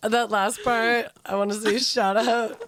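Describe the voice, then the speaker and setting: A woman co-hosts a podcast in casual conversation, animated and swearing freely while laughing often. Her voice is fairly high and she keeps a measured pace.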